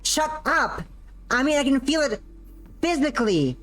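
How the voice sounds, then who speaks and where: A streamer reading as a cocky young woman pilot from a sci-fi visual novel, blunt and taunting, lobbing jabs at her rival without a second thought. The voice sits a touch higher and livelier than the reader's own. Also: sing-song, moderate pace, fairly bright tone, soft background music. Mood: queasy, snappish. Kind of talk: visual novel dialogue read aloud.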